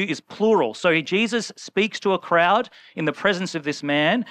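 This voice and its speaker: A man preaches with a bright, clear voice pitched a little high for a man. He talks loosely and conversationally, acting out the people in his story. The sound is close and dry. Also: no room sound. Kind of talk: sermon.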